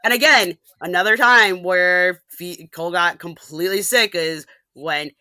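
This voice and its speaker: Bright, animated ranting woman. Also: on the low side, dry recording. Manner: animated, ranting, quick asides and restarts. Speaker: podcast guest. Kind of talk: casual podcast chat.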